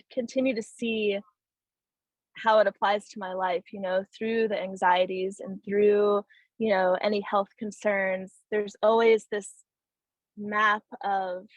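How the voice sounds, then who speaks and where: Soft-spoken reflective woman guest. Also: medium pitch, dry recording, low-quality recording. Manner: soft, thoughtful, hesitant with ums. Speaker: podcast guest. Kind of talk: reflective personal sharing.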